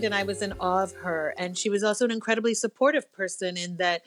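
A woman cellist who is a guest on an interview podcast, telling stories in a lively, casual way and swearing freely. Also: mid-range voice, fast, faint music behind.

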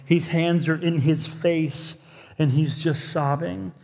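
A man's voice: fairly high pitch, steady tone, slow, creaky, darkish tone. A young adult man preaching a sermon as a pastor, telling a story in a conversational way and voicing his own thoughts aloud. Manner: storytelling, conversational, talks to himself in quotes. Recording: long hall reverb.

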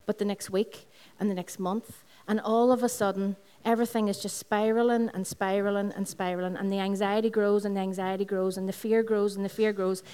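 Northern Irish woman, lead pastor, mid-pitched, preaching a Sunday sermon in a school hall, story-driven and repetitive. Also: level tone, fairly quick, hardly any pauses, dark tone, clear, resonant tone. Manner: personal storytelling with repeated phrases, talks to the congregation.

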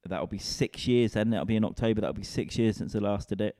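Low-voiced guy ranting solo into the mic, sweary and rambling, dark dry sound. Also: a little fast, no echo. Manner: rambling, sweary, self-mocking. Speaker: comedian and podcast host. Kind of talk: casual solo rant.

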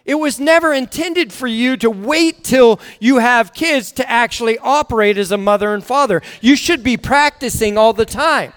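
A man's voice: extremely high pitch, moderate pace, few pauses, fairly bright tone, clear, resonant tone. A man preaching a sermon as a guest speaker, telling family stories with acted-out dialogue and frequent restarts. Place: church hall. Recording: echoey hall.

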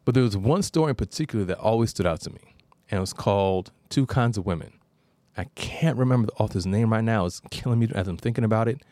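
A man hosts an advice show in a relaxed, conversational way. He tells stories and wanders off on tangents. His voice is low and sounds dry and close to the mic. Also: quick pace, dry recording. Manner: conversational storyteller, digressive. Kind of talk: casual call-in advice talk.

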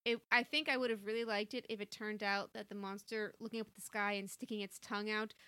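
Bright-voiced young woman chatting enthusiastically. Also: medium pitch, fairly even intonation, quick pace, clean tone, no room sound. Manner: enthusiastic, chatty, laughs often. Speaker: podcast co-host. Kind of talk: casual chat about a cartoon episode.

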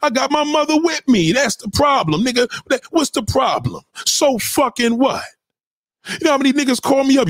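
A high-pitched New York City commentator rants hard in a sing-song voice at normal speed, swinging his pitch widely for emphasis. He is loud, profane and lecturing, firing off rhetorical questions in a heated commentary. The studio-quality recording has no room sound.

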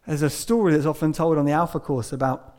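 A man delivering a church sermon, his voice sitting a little high for a man. He tells a story, sometimes dropping to a hush and sometimes pressing a point with emphasis. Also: quick pace. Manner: storytelling, shifting between hushed and emphatic. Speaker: preacher.

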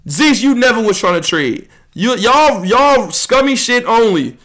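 A young man hosting a podcast, talking fast and heatedly, bragging and ribbing his friends in casual slang-heavy chat. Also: extremely high pitch, lively intonation, a bit bright. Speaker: podcast host.

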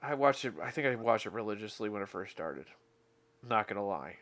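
A man chatting casually as a podcast co-host, animated when he quotes people. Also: on the low side, brisk. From California. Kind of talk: casual chat.

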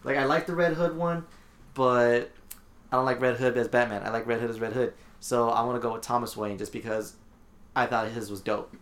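This podcast host steers a relaxed, casual conversation with friends, explaining things in a rambling way packed with fillers. He speaks fairly quickly in a mid-range voice.

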